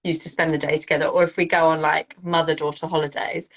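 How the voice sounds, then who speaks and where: A woman host in a relaxed chat, her voice a little low for a woman. She chimes in with agreeable, chatty asides and easy laughter. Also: quick pace. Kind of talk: casual chat.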